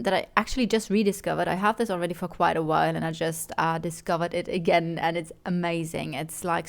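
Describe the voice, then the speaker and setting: A woman gives a tarot reading in a slightly lower voice. She chats and corrects herself as she goes, then murmurs her questions over and over while pulling cards. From Germany. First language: German. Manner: chatty, self-correcting, softly repeats questions while drawing cards. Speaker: tarot reader.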